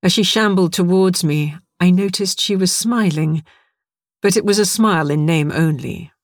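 A man's voice: sits high, moderate pace, no room sound, clean studio sound. A man narrating a first-person story in a vivid, darkly wry way.

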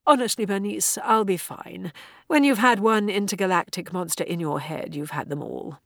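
A woman's voice: mid-range voice, moderate pace, vocal fry, fairly bright tone, no echo. A woman voicing a weary, dry-witted older man who speaks in a tired, understated way. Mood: wry.

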